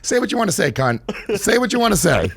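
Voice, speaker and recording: A man's voice: high voice, very animated, fast, creaky, fairly bright tone, no echo. A man hosting a podcast in a studio, ranting through profane stories in casual banter. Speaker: podcast host. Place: radio studio.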